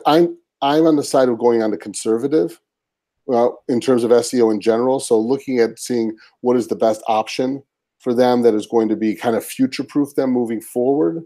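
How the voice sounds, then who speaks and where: A man speaking as a guest expert on a webinar over a video call, measured and hesitant with many fillers. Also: medium pitch, mellow. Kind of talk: casual expert explanation.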